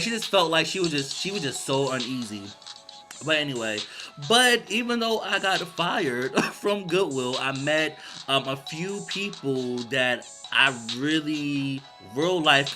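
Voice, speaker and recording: A man with a fairly high voice hosts his channel and tells a story in a loose, wandering way, full of fillers and side comments. Music plays clearly under his talk. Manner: loose, digressive, many fillers. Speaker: vlogger, channel host. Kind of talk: rambling storytime monologue.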